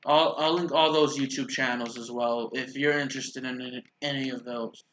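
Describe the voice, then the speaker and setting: A man's voice: mid-range voice, fairly even intonation, normal speed, fairly bright tone. A man giving casual, rambling commentary over a video game, often stopping to correct himself and stuttering. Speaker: gaming YouTuber. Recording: roomy echo.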